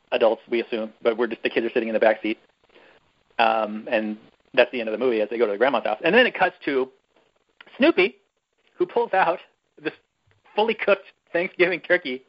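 A man in casual podcast chat, rambling through a recap with an irreverent, offhand manner. His voice sits at an ordinary middle pitch. The recording sounds a little dull and lo-fi. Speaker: podcast host.

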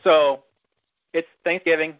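A man's voice: a little high, steady tone, slow pace. Rambling, irreverent man on a muffled recording. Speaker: podcast host. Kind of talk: casual chat, movie recap.

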